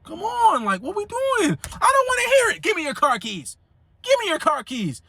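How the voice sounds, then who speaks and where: A man voicing an angry middle-aged mother who yells and scolds her grown son. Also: huge pitch swings, moderate pace, creaky, heavily acted. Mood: scolding. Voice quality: shrill, yelling.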